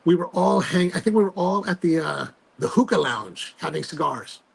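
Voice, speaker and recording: Gravelly-voiced man telling a story. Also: on the high side, normal speed. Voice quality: gravelly, husky voice. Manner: animated storytelling with many fillers and restarts. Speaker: host. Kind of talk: casual chat on a livestream.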